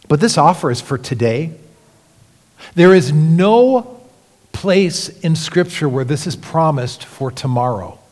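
A male pastor preaching with earnest conviction, his somewhat high voice swinging between hushed, near-whispered phrases and emphatic, rising appeals. The sound carries a long reverb from the church sanctuary around him. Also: normal speed, few pauses. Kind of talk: sermon.

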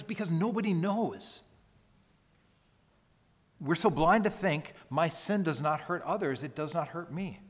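A man preaching a sermon as pastor, earnest and emphatic, often repeating words as he builds a point. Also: medium pitch. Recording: long hall reverb.

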